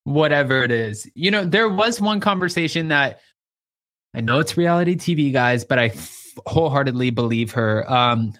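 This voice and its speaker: A man hosting a casual recap chat, lively, acting out quotes and swearing freely. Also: medium pitch, normal speed. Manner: animated, acts out quotes, swears. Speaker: podcast host.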